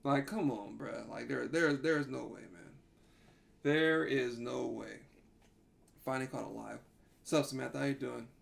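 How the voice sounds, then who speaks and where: A man's voice: mid-range voice, measured pace, vocal fry, pauses often. A man hosting a livestream, reacting to a video in a casual, exasperated way. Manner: animated, exasperated, says bruh a lot.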